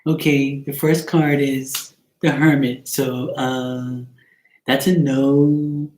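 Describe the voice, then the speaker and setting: A man putting on a high voice to mock a young woman tarot reader as whiny and touchy. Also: level tone, takes it slowly, a little mellow, close to an everyday voice. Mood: chirpy. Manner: high-pitched, pleading, then chirpy. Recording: roomy echo.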